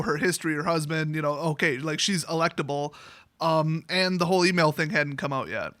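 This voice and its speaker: A man's voice: fairly high pitch, bright, forceful tone, no echo. A man ranting sarcastically to camera, exasperated and mocking as he talks. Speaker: YouTuber. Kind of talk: political rant.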